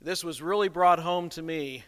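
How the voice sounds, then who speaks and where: Male preacher, slightly high voice, emphatic sermon delivery, long hall reverb. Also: normal speed, a bit bright, clear, resonant tone. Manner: emphatic, rhetorical questions.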